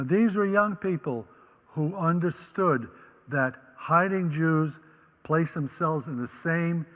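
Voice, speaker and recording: A man's voice: a little high, a bit bright. Older man telling his story in a hall. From Netherlands. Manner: vivid storyteller who acts out quoted voices. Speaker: Holocaust survivor speaker. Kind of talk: personal storytelling talk.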